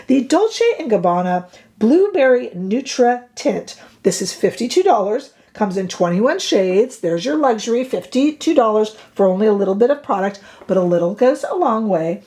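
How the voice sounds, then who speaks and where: A woman's voice: mid-range voice, expressive, normal speed, dark tone. A woman casually reviewing makeup products in a vlog, chatty and opinionated with playfully dramatic asides. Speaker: beauty reviewer.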